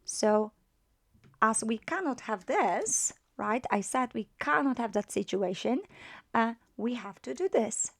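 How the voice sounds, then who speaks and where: A woman's voice: on the high side, vocal fry, no room sound, clean studio sound. A woman teaching a beginner lesson, explaining step by step with many fillers and often checking in with "right?". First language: Polish. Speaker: language teacher. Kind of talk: online language lesson.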